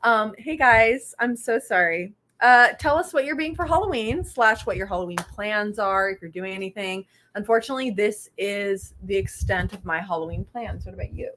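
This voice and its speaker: A woman's voice: medium pitch, moderate pace, hardly any pauses, fairly bright tone, slight background noise. A young woman with a slight lisp from aligners who hosts a book club livestream, chatting casually, laughing often and losing her thread. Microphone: computer mic on a livestream.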